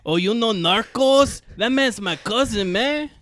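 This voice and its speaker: A man's voice: lively intonation, a little slow, dry recording. A man putting on a boastful LA cholo tough guy. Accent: LA Chicano (Cholo). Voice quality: loud, drawling slang, raised pitch. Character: swaggering LA street tough, adult man, boastful.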